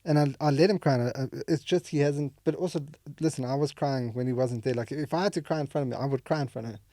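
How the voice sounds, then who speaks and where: A man's voice: medium pitch, fast talker, warm tone, no echo. A man talking candidly as a podcast guest, rambling with many fillers and restarts. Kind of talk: candid emotional conversation. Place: podcast studio.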